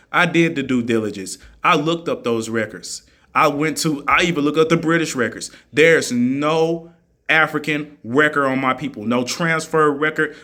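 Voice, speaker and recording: A man's voice: a little high, sharp tone. A man in a heated monologue, answering critics in an argumentative, mocking way and repeating his points for emphasis. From United States.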